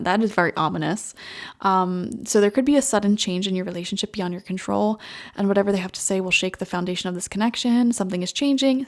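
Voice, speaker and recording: A woman's voice: medium pitch, fast. A young woman giving a casual tarot reading, chatty and full of fillers as she talks to viewers. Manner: chatty, full of "like" and "you know". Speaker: tarot reader.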